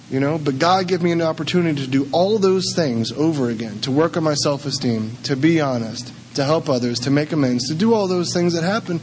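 A man's voice: fairly high pitch, a little fast, darkish tone, a little hiss or hum. A man telling his recovery story at a meeting, rambling and conversational with lots of fillers. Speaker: speaker sharing at a recovery meeting.

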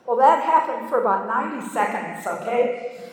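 An older woman in her eighties tells her story in a chatty, laughing way, sprinkling in "you know" and filler words. Her voice sits a bit high, and it's picked up from some distance in a large, echoey hall with long reverb. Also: expressive, moderate pace. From Pittsburgh, Pennsylvania. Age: 80s. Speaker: speaker sharing her recovery story. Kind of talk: casual storytelling talk.

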